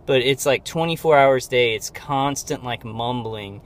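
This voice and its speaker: A man giving a rambling personal video update from inside his car, halting with many fillers and restarts, strained and close to tears. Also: medium pitch. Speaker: video diarist.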